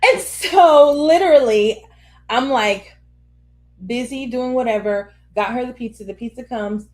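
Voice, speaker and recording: A woman in her thirties co-hosting a podcast, telling stories in an animated, laughing way. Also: a little high, unhurried. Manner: animated storyteller, laughs through her words. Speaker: podcast co-host. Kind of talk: casual podcast chat.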